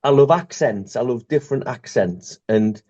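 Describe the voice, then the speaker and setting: A man chatting on a podcast, halting and quick to laugh. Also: medium pitch, animated, a little mellow, muffled recording. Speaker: podcast co-host. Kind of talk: casual chat.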